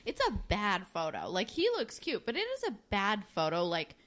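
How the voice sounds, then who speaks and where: A young woman co-hosting a podcast, casually recapping a TV episode with animated, opinionated, exasperated remarks. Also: mid-range voice, moderate pace. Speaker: podcast co-host.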